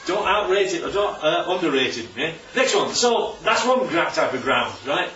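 A man preaches with a high, animated voice that keeps swinging up and down as he quizzes his listeners and throws in jokey asides. He sounds far off in a roomy church hall. The recording is dull, lo-fi, and has a faint hiss. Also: normal speed. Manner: asks the audience questions constantly. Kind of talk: interactive Bible teaching.

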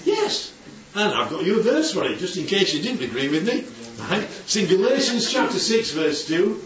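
A man's voice: high-pitched, sing-song, moderate pace, a bit bright. A man giving an informal Bible teaching to a group, often asking the listeners questions and checking they follow. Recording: distant, dull, roomy recording with faint noise.

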